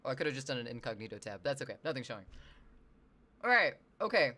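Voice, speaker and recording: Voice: mid-range voice, very animated, fast, bright, forceful tone. A casual livestreamer from the US Northwest, talking in a mid-range voice. The talk rambles from one thought to the next, with chat messages read out along the way. The tone is loose and offhand, with casual swearing.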